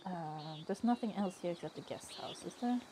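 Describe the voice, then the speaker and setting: A woman playing a story game and reading its dialogue aloud, thinking out loud casually and swearing often. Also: lowish voice, moderate pace, noisy background. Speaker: game streamer.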